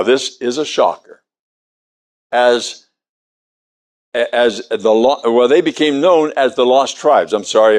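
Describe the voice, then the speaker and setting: An older man preaching a sermon in a church, shifting between quiet asides and emphatic declarations. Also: mid-range voice.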